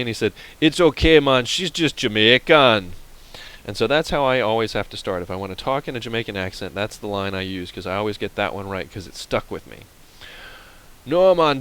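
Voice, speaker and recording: A man's voice: lowish voice, fairly bright tone, a little hiss or hum, poor audio. A man from Pennsylvania commenting on a game and telling a rambling story to viewers in a casual, chatty way. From Pennsylvania, USA. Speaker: let's play host.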